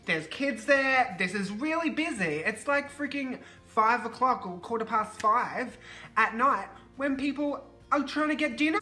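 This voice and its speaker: A woman from Australia with an Australian accent, telling a storytime on her vlog with animated, profane ranting. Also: mid-range voice, fairly quick, faint music behind. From Queensland, Australia. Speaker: vlogger.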